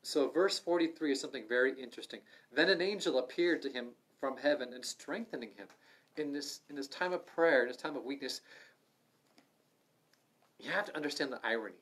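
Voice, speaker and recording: A man's voice: mid-range voice, expressive, brisk, slightly rough. Fervent man leading a Bible study, mid-range voice, punchy emphasis. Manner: fervent, emphatic preaching with sudden loud stresses. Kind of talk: livestreamed Bible study preaching. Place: room in an assisted living home.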